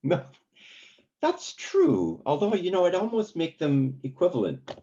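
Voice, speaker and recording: A man leading a community songwriting workshop, talking in a relaxed, halting way with many ums and sung examples. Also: high voice, slightly rough, muffled recording. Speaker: songwriting teacher.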